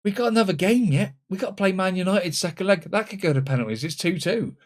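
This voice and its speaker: A man commenting on his own football management game, swinging between loud exclamations and muttered asides. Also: sits high, expressive, fast. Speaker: gaming channel host. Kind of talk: let's-play commentary.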